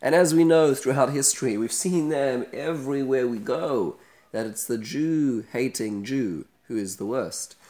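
A man's voice: medium pitch, unhurried, darkish tone. A man giving a daily scripture study lesson, explaining the text and asking rhetorical questions. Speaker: Bible teacher.

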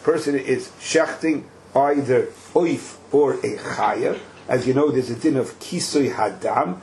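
A man's voice: medium pitch, darkish tone, a little hiss or hum, poor audio. A man leading a text study lesson, explaining with rhetorical questions and joking asides. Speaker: teacher leading a study class.

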